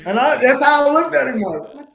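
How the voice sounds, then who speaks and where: A middle-aged man, a guest singer, telling stories in a casual interview, animated and laughing. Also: very high-pitched, brisk, creaky, echoey room, slight background noise, rough recording.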